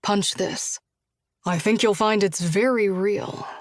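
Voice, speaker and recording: A woman voicing a tender, teasing young man, a lover, in a husky, low, intimate voice that sometimes drops to a whisper. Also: slow, no echo, clean studio sound.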